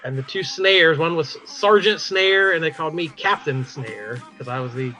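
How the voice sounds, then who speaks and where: A man's voice: on the high side, moderate pace, soft background music. A man co-hosting a podcast, introducing a segment and chatting casually with light chuckles. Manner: relaxed, chuckling. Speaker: podcast co-host. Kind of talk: casual chat.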